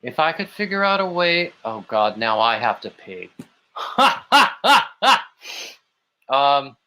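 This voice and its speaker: A man's voice: a little high, big pitch swings, slow pace, bright, forceful tone. A man hosting a casual live stream, chatting in a rambling way and reading out viewer comments. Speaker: livestream host. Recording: dull lo-fi stream audio.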